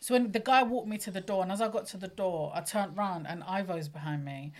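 A woman comedian, chatting casually and telling an animated story, swearing and laughing often. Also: fairly low pitch, fairly quick. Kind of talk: casual chat.

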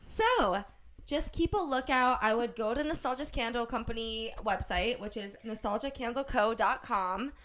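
High-pitched, lively young woman co-host. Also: moderate pace. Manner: loose, giggly, swears a lot. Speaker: podcast co-host. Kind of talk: casual chat.

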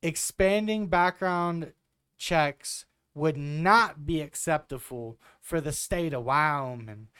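A man imitating a female politician in a slow, drawling country accent. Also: a little high, fairly bright tone, clean tone, no room sound, clean studio sound.

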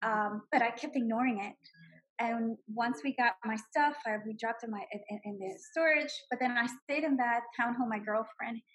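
A woman in her forties recounts her own story with feeling, her voice fairly high and husky. She talks in an animated, heartfelt way, like someone giving a personal testimony. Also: normal speed, low-quality recording. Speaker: guest sharing her story.

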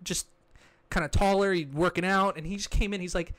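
A man co-hosting a casual movie podcast, telling stories in an animated way with many restarts and fillers. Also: sits high, fairly quick. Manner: animated storyteller, lots of likes and restarts. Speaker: podcast co-host.

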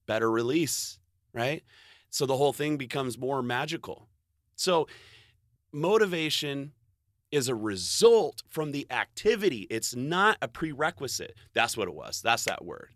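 Male vlogger, middle pitch, bright tone, casual rambling monologue, heavy swearing, frequent laughs. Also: sing-song, measured pace, no room sound, clean studio sound. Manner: profane, rambling, self-interrupting, laughs often.

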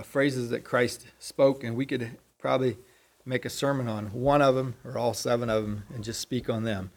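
Man, lay preacher, mid-pitch voice; unscripted, halting sermon delivery, frequent throat clearing.

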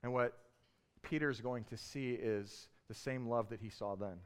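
Male pastor, mid-range voice, relaxed conversational sermon delivery that swells into fervent emphasis. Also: medium pitch, measured pace, smooth. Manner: conversational storytelling, building to passionate emphasis.

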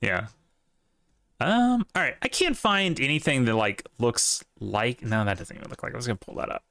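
A man's voice: medium pitch, expressive, normal speed, sharp tone, no room sound. Rambling man with a light Southern accent. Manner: rambling, profane, lots of restarts. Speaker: podcast co-host. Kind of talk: casual podcast chat.

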